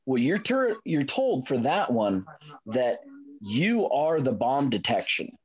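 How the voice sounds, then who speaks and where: A man's voice: medium pitch, big pitch swings, slow pace. A man who is a podcast guest, casually explaining his old airport baggage job in a plain, matter-of-fact way. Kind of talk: casual storytelling.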